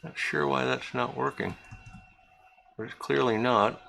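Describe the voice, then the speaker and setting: A man's voice: medium pitch, measured pace, gravelly, sharp tone, a little hiss or hum, rough recording. A man hosting a casual live-stream charity auction, chatting and reading out bidders and their bids. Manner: chatty, reads out bidders and amounts. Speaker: livestream charity auction host.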